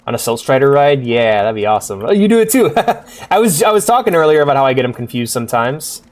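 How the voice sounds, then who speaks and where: A man's voice: medium pitch, very animated, fast. A man casually commenting while streaming a game, upbeat and chatty, laughing and swearing easily.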